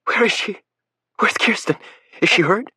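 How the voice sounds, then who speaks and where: A man voicing a frantic, crying mother who speaks in a high, pleading voice. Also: a little fast, dry recording, studio quality, recorded from a distance.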